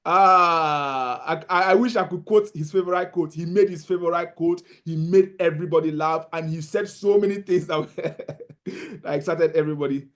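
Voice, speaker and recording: A man speaks as a trading mentor, with a voice pitched higher than most men. He delivers a motivational talk in a storytelling way, voicing each person in his anecdotes himself and circling back over the same phrases. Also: moderate pace, fairly bright tone. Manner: storytelling, repeats himself, acts out dialogue.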